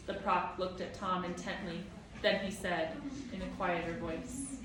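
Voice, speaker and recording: Teacher reading aloud in an echoey classroom. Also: female voice, lowish voice, steady tone, measured pace, noisy background. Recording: echoey classroom, mic far off.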